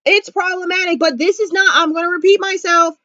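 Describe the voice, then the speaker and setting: A woman talking straight to camera in a casual commentary vlog, emphatic and animated, repeating her points. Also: extremely high pitch, brisk, dry recording, highs cut off. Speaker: vlogger.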